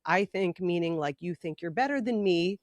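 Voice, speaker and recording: A woman's voice: on the low side, moderate pace, no room sound. A middle-aged woman co-hosting a podcast, reading her teenage diary aloud and laughing at it in casual chat. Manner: animated, laughing at her own teenage writing. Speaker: podcast co-host.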